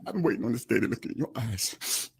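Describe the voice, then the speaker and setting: A man, crying as he gives an emotional, halting victim statement at a courtroom podium microphone. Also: mid-range voice, expressive, creaky, slight background noise. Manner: emotional, halting, breaks off mid-sentence.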